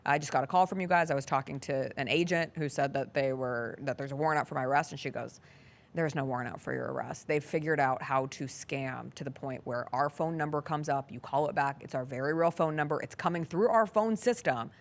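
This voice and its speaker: A woman with an extremely low-pitched voice hosts a sports talk show, speaking a little fast. In casual, earnest conversation, she relates a long story and acts out its dialogue.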